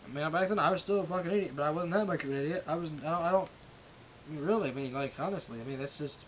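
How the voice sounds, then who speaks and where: A man's voice: a little high, rapid-fire, a little hiss or hum, rough recording. A young man hosting a livestream, ranting in a rambling, profane way with lots of restarts. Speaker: livestream host. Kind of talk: ranting casual monologue.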